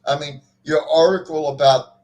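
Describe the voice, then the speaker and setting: A man's voice: fairly high pitch, steady tone, moderate pace, a little mellow. A man co-hosting a casual podcast chat, ranting with profanity and frequent restarts. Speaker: podcast co-host.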